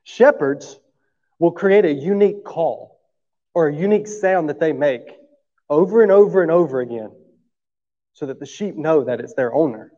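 Preacher with a mellow voice in a hall. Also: male voice, a little high, expressive, normal speed, long pauses. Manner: conversational preaching with frequent "right?" check-ins. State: coughing through the talk. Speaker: pastor. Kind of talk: sermon. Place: church sanctuary. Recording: dull sound with long hall reverb.

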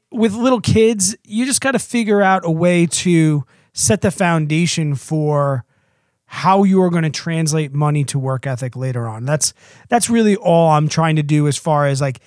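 A man in his thirties co-hosting a casual podcast, chatty, often acting out his young daughter's lines in a squeaky voice. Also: a little mellow, no echo, studio quality. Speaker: podcast co-host.

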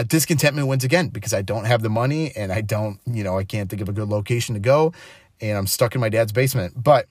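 A man's voice: mid-range voice, dry recording, clean studio sound. A man in his twenties hosting a podcast, telling a story and giving a devotional talk in a chatty way, laughing often. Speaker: podcast host.

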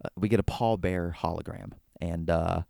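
A man's voice: low-pitched, fairly even intonation, moderate pace, vocal fry, warm tone, no room sound, studio quality. A man hosting a solo wrestling talk show, recapping an event in an enthusiastic, rambling way with frequent restarts. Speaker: wrestling podcast host. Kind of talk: casual solo commentary.

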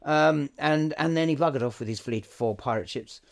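A man co-hosting a comedy podcast, rambling through improvised chat with deadpan absurd asides and many ums. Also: fairly high pitch, brisk.

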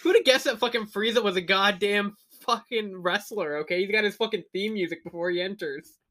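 Man, young adult, podcast co-host, casual slangy chat, bright tone. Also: high-pitched, a little fast. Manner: relaxed, slangy, swearing, laughs at his own stories.

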